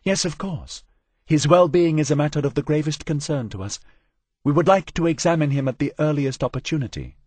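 A male robot envoy in an audiobook, deep and resonant, speaking calmly to reassure, as a man voices him. The sound is husky and dry, softly delivered. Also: brisk, dry recording, natural voice. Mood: reassuring. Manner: calm, reassuring.

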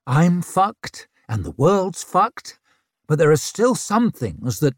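A man playing a crippled young lord in an audiobook, his voice pitched up and strained with grief and temper. He speaks slowly, raw and close to the mic. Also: darkish tone, no echo. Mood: angry. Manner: raw, pleading, quick to anger. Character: wounded, hot-tempered one-legged young lord.

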